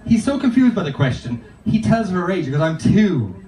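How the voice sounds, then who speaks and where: Lively high-voiced man doing stand-up. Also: a little fast, a crowd in the background. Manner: loose, rambling storytelling with frequent swearing. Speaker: stand-up comedian. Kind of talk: stand-up comedy set. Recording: roomy, distant, noisy live recording.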